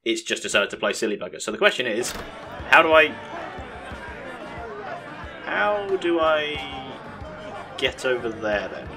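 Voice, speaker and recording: A man's voice: mid-range voice, big pitch swings, a little slow, pauses often, over music, crowd noise. A man giving casual, sarcastic commentary while he plays a game. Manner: chatty, sarcastic, laughs at his own mishaps. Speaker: let's play host.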